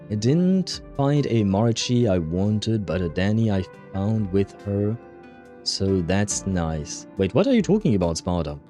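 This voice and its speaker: Rambling low-voiced male streamer. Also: very animated, slow, dark tone, soft background music. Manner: rambling, many fillers, frequent laughs. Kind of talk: casual livestream chat reading viewer comments.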